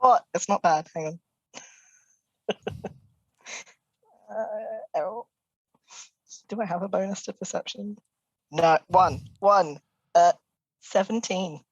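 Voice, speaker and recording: Brief: woman player, slow and laid-back, dry close sound. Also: fairly low pitch, husky, no room sound, muffled recording. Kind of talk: tabletop game play.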